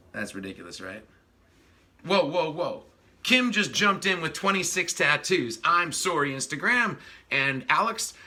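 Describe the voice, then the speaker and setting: A man's voice: on the high side, pushed and bright. A man hosting a casual livestream chat, rambling as he greets viewers and reads their comments while fiddling with the stream. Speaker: livestream host.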